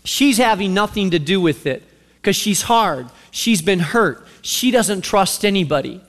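A man preaching a sermon, retelling a story with animated, sarcastic acted-out voices. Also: high-pitched, unhurried, big-room sound.

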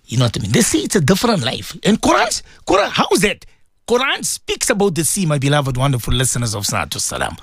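Male religious radio host, chatty and rambling, a bit high-pitched, dry studio mic. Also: wildly swooping pitch, fast talker, a bit bright, slightly rough, no room sound. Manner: rambling, repeats words, sudden pitch jumps. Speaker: radio host and Muslim cleric. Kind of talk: casual radio talk.

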